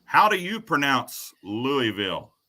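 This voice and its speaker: Male host, casual folksy interviewer, low-pitched with a sharp bright tone. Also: animated, moderate pace. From Kentucky area. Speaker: livestream host.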